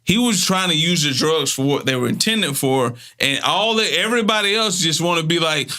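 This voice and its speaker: Bright-voiced joking man on a podcast. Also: fairly high pitch, animated, a little fast. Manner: joking, profane, riffing. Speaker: podcast co-host. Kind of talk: casual podcast chat.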